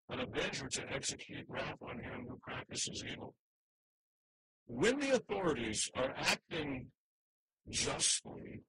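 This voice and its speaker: A man's voice: fairly high pitch, pushed and bright, rough recording. A man preaching a sermon, earnest and emphatic, with frequent restarts as he works through scripture slides. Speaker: pastor.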